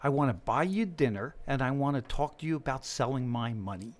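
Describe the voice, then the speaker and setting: Animated middle-aged man telling stories. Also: mid-range voice, a little fast. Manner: animated storyteller acting out dialogue. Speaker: guest, business lender. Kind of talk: casual interview storytelling.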